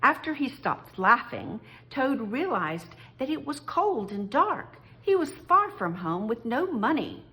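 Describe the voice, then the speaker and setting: A woman reading a children's story aloud, slowly and expressively. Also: a little high. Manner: slow, expressive read-aloud.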